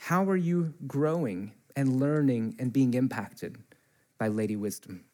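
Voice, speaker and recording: Speaking a little slowly at medium pitch, a pastor preaches in a church with the microphone held near his face. His sermon unfolds as relaxed, animated storytelling in which he voices the characters' quoted words.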